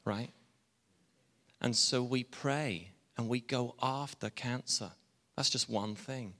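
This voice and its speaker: A man's voice: mid-range voice, slow, pushed and bright. A man preaching a sermon as pastor, talking conversationally with asides and restarts. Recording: long reverb of a church hall.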